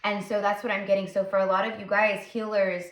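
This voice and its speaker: A woman's voice: mid-range voice, little pitch movement, fairly quick, a bit bright. A woman psychic tarot reader talking casually while channeling, rambling and full of fillers. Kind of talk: casual spiritual channeling talk. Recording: roomy echo.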